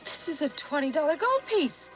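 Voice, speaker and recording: A sensible young woman, skeptical but kind. She talks calmly in a high voice over a TV soundtrack with music. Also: normal speed. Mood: reasoning. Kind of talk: 1980s TV soap acting.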